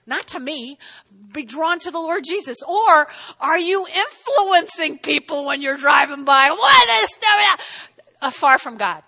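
A woman preaching a sermon in an animated way, often breaking off to ask "okay?" and acting out little scenes. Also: high voice, unhurried. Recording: long hall reverb.

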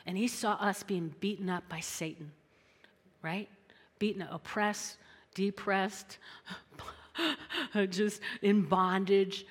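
A woman preaching a sermon in an animated, conversational way, often checking in with her listeners. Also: fairly low pitch, in a large hall.

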